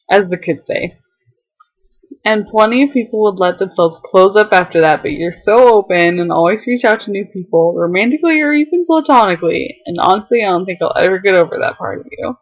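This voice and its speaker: A woman's voice: medium pitch, expressive, normal speed, slightly rough, low-quality recording. A young woman on a casual vlog, reading a heartfelt letter aloud to her viewers, tearful and fighting back tears, laughing now and then between lines.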